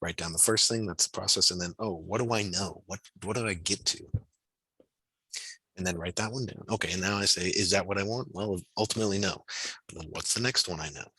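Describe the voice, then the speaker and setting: A man's voice: low-pitched, brisk, pushed and bright, slightly rough, no echo, low-quality recording. A man tutoring physics over a video call, talking through his reasoning aloud in a casual, encouraging way. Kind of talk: online tutoring session.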